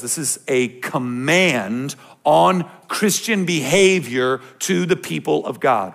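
Gravelly-voiced guy preaching to youth, fired up and ranting, cracks jokes at the crowd, voice sits a bit high. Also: lively intonation, slow, a bit bright. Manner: impassioned, ranting and joking with the crowd. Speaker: youth pastor. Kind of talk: sermon.

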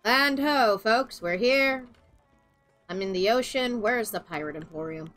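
A woman's voice: on the high side, unhurried, fairly bright tone, soft background music. A woman chatting casually and rambling while playing a game with a friend. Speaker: gaming streamer. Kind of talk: casual gameplay chat.

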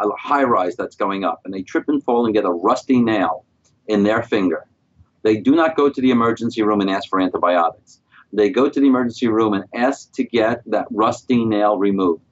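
A middle-aged man answering interview questions as a guest specialist, calm and explanatory. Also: fairly low pitch, highs cut off. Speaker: guest periodontist.

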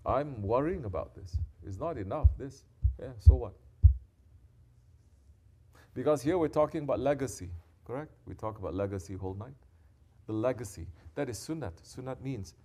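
Man preaching, soft then loudly scolding. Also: lowish voice, animated, fairly quick, breathy edge. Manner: swings from soft intimate talk to loud scolding; sprinkles Arabic devotional phrases. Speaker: sheikh. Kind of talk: sermon.

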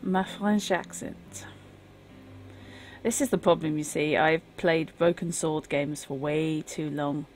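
A woman's voice: low-pitched, steady tone, slow, darkish tone, slight background noise. A woman streaming a game, chatting casually and wryly over the gameplay. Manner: wry and chatty. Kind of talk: casual live game commentary.

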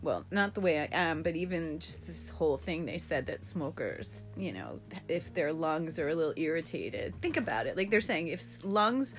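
A young woman hosting a casual livestream from home, chatting to viewers in a rambling, expressive way with lots of fillers. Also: low voice, normal speed, hardly any pauses, faint music behind. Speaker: livestream host. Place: at home, indoors.

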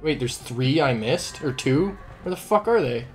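A man's voice: mid-range voice, expressive, measured pace, soft background music. A young man casually commentating his gameplay, joking, swearing and laughing often. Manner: profane, giggly, joking. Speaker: let's play host.

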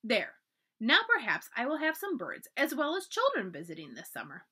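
A gentle old grandfather with a twinkle, as a woman reads him aloud from a storybook. He speaks fondly and kindly, in a bright, lilting voice. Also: fairly high pitch, wildly swooping pitch, normal speed, breathy edge, exaggerated voice. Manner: gentle, warm-hearted, twinkling.

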